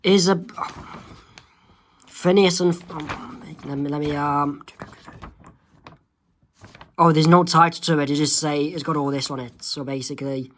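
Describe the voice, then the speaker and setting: Man haltingly reading his own comic. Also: a little high, fairly even intonation, a bit bright, a little hiss or hum. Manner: halting, many fillers and self-corrections. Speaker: amateur comic creator.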